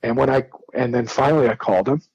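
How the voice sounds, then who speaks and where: A man's voice: medium pitch, quick pace, vocal fry, husky, dry recording, lo-fi sound. A middle-aged man from New Jersey, a guest telling his story casually and acting out the dialogue with lots of restarts. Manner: animated, acts out quoted dialogue with many restarts.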